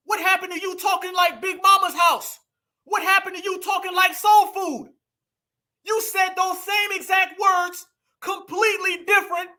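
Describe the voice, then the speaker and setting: Emphatic high-pitched male commentator. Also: bright, forceful tone. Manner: emphatic, rhetorical, addresses viewers directly. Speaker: online commentator. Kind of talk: casual political commentary.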